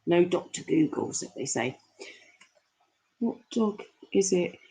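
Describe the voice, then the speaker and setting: This livestream host reads her viewers' messages aloud and answers them with casual affection, rambling and filling gaps with fillers. Her voice is fairly low, dark and slightly rough, expressive and slow. The recording is rough.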